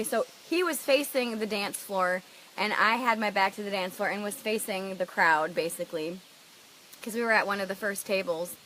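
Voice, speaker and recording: A woman's voice: on the high side, sharp tone, a little hiss or hum. A middle-aged woman coach telling a personal story with emotional, emphatic earnestness and frank swearing. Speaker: life coach.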